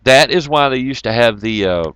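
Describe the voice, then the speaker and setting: Profane, animated man ranting. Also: medium pitch, moderate pace, clear, resonant tone, no echo. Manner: profane, animated, laughs often. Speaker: YouTube commentator. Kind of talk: casual ranting monologue.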